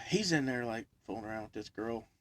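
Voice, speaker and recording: A man's voice: mid-range voice, lively intonation, normal speed, pushed and bright, dry recording. A man telling a story in casual chat, rambling with many fillers and laughing as he talks. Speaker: podcast guest storyteller.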